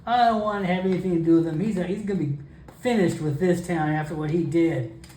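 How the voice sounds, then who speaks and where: Narrator doing a snippy suspicious townswoman, slow sarcastic drawl, echoey room w/ faint hiss. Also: mid-range voice, mellow, natural voice. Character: suspicious, sharp-tongued townswoman.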